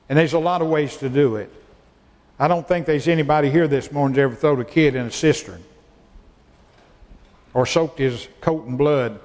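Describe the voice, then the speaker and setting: Man, preaching, folksy and repetitive, higher voice, reverberant hall. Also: a little mellow. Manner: folksy, repeats phrases for emphasis. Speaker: pastor. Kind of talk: sermon.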